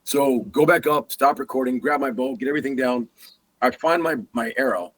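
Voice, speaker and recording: A man's voice: mid-range voice, brisk. A man, a guest hunter, telling a story in a casual way and acting out the sounds and the dialogue. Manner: animated, acts out sounds and quoted dialogue.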